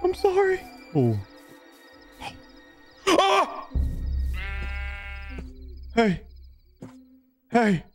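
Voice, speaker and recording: A man's voice: mid-range voice, big pitch swings, measured pace, soft background music. Jumpy man voicing a horror game. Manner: jumpy, yelps and shouts when startled. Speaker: gaming YouTuber. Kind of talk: reactive horror game commentary.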